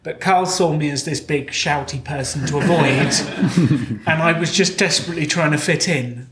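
A man with a British accent answers audience questions on a live stage, candid and quick to poke fun at himself. His voice sits a little high, and the hall around him rings with echo. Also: over a noisy crowd. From Britain. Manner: candid, self-deprecating, quick. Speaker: guest speaker. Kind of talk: live Q&A storytelling. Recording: echoey live venue.

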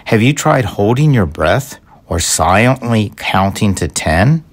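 A man voicing a kind, cheerful female hedgehog in a storybook reading, raising his voice and pitch for her. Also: sing-song, measured pace. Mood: friendly, eager. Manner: eager, friendly, raised pitch.

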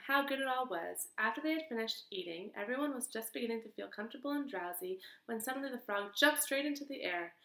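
Woman reading a storybook aloud, gravelly edge. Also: a little high. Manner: expressive, sing-song storybook reading. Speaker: teacher. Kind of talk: reading a picture book aloud to children. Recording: echoey room.

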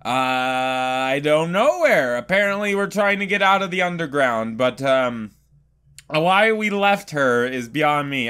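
High, lively male voice narrating a game, bright in tone and quick to yelp, with faint game music behind. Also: smooth. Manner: jumpy and swearing, frequent yelps and laughs. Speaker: let's play gamer. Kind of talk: casual gameplay commentary.

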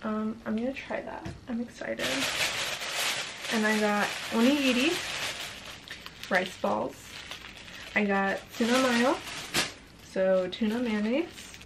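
A woman's voice: mid-range voice, takes it slowly, pauses often, background noise. A young woman vlogging casually about her days abroad, chatty and giggly, swearing now and then. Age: young adult. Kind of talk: casual travel vlog chat.

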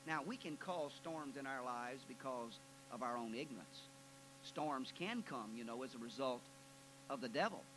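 A male preacher delivering a sermon, telling folksy stories that build into loud, emphatic preaching. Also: mid-range voice, expressive, moderate pace. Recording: noisy 1993 archive tape with hum.

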